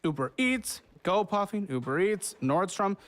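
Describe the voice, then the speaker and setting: Podcast guy roasting his buddy's spending, kinda high voice that jumps all over. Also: animated, measured pace. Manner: teasing, reads out purchases in a sing-song list. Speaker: podcast co-host. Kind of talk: casual podcast banter.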